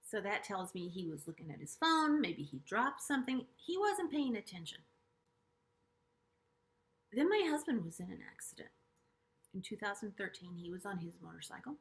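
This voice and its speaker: A woman's voice: medium pitch, very animated. Earnest middle-aged woman telling her story. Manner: earnest, halting, with frequent restarts and hushed asides. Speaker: vlogger sharing a personal story. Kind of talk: personal storytelling to camera.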